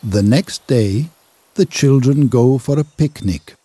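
A man narrating a simple children's reader slowly and carefully. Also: medium pitch, mellow, no echo. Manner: slow, clear, careful reading. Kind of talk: graded reader audiobook narration.

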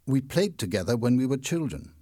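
A man's voice: medium pitch, big pitch swings, fairly quick, dark tone, no room sound, studio quality, pitched above the performer's own voice. A man voicing an eager young sailor who speaks earnestly in a raised voice.

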